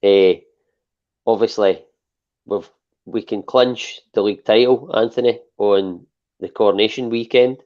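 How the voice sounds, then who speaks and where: A Scottish man with a low voice hosts a football podcast in a relaxed, chatty way, full of fillers. The sound is muffled and lo-fi. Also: a little slow, pauses often. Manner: chatty, with lots of fillers like "obviously". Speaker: podcast host. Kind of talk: casual football podcast chat. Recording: dull lo-fi podcast audio.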